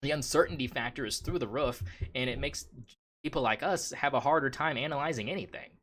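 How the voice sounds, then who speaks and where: A man's voice: medium pitch, brisk, a bit bright, a little hiss or hum. A man hosting a casual sports podcast, talking in a rambling way with lots of "I mean" and restarts. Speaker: podcast host.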